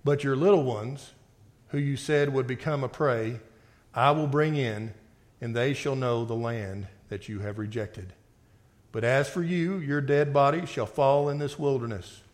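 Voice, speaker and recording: Emphatic male preacher. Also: medium pitch. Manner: emphatic, swings between forceful outbursts and quiet reading. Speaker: pastor. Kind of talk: sermon with scripture reading.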